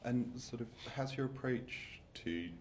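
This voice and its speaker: A man's voice: mid-range voice, measured pace, soft background music. A man interviewing an actor, asking loose, rambling questions. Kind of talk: press junket interview.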